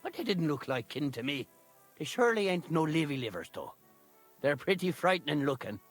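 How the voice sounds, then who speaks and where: An actor playing a sly, greedy male knacker villager with an Irish accent and a gruff, bargaining drawl. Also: on the high side, very animated, a little fast, soft background music. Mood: scheming.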